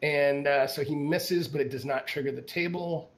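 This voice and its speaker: A man's voice: fairly high pitch, fairly even intonation, moderate pace. A man running a tabletop game as game master, narrating casually with many restarts.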